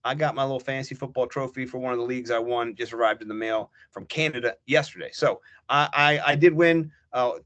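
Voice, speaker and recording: A middle-aged man, a fantasy football guest on a podcast, ranting in animated, profane casual chat. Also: medium pitch, quick pace, hardly any pauses.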